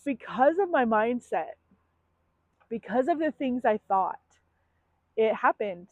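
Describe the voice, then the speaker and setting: A woman's voice: a little high, sing-song, slow, long pauses, no room sound. Candid woman vlogger, tinny dry sound. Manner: candid and emotional, with frequent ums and likes. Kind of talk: personal confessional vlog.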